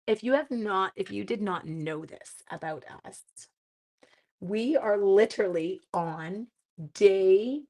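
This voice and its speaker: Slightly hoarse chatty woman live-streaming. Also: medium pitch, slow pace, dark tone. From Canada. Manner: chatty, self-mocking, talks to viewers while working. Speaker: papercraft live-stream host. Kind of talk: casual live-stream chat while crafting.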